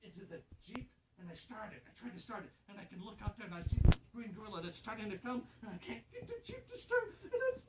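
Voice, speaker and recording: A man in a Father Christmas role tells a tall tale with big pitch swings, going from loud cries to hushed whispers. He is heard from the side of an echoey studio, as if from a camera set off the stage, with steady background noise. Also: fast talker, few pauses, recorded from a distance. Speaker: storyteller dressed as Father Christmas. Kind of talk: live TV storytelling of a joke tale.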